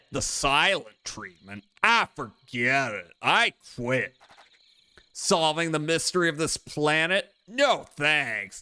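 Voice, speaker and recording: A man's voice: a little high, bright, forceful tone, no echo, exaggerated voice. A man reading the lines of a brash, aloof young male drifter from a video game, curt and dismissive.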